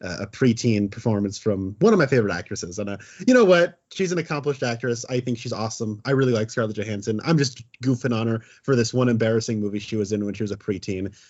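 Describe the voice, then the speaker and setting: A man's voice: on the low side, animated, quick pace, hardly any pauses, darkish tone. Hesitant man on lo-fi podcast audio. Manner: hesitant, self-deprecating, laughs often. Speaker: podcast co-host. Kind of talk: casual film discussion.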